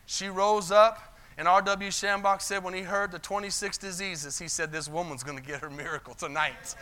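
A man's voice: sits high, fairly even intonation, normal speed, bright, forceful tone, a little hiss or hum. A male pastor preaching a sermon to his church, telling a story with quoted lines and calling out for amens. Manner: retells stories in quoted voices, calls for amens. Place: church sanctuary.

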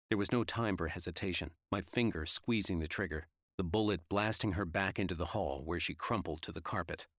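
A man narrating an audiobook in a steady, measured reading style. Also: sits low, no room sound, clean studio sound. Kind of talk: scripted narration.

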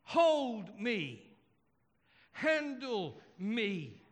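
A preacher voicing the risen Jesus, slowly and emphatically inviting his followers to touch him. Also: high voice, sing-song, voice pushed up, heavily acted. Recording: long hall reverb.

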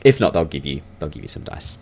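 A man's voice: rumbling low, very animated, fast, vocal fry, a little mellow, breathy edge. A man running a tabletop role-playing game as dungeon master, describing scenes with many fillers. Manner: rambling, filler-heavy description.

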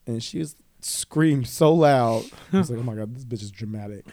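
A man's voice: mid-range voice, moderate pace. A man telling a personal story in casual chat, swearing often and acting out other people's voices. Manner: animated, profane, quotes others in voices. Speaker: guest.

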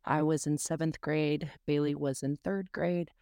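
A woman's voice: sits low, steady tone, measured pace, mellow, no echo, clean studio sound. A woman from North Carolina hosting a podcast interview, talking casually with a lot of fillers. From Charlotte, North Carolina. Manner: chatty, many fillers and hedges. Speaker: podcast host.

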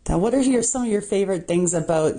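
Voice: medium pitch, expressive, fast talker, mellow. An interviewer asking short questions and giving brief reactions.

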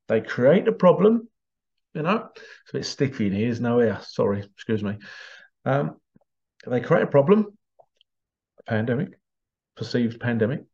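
A man's voice: medium pitch, very animated, normal speed, vocal fry, long pauses, darkish tone. A man, talking in a rambling, emphatic monologue and repeating his points. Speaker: hypnotherapist giving his views. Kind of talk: casual monologue. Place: small stuffy room. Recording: slightly dull lo-fi sound.

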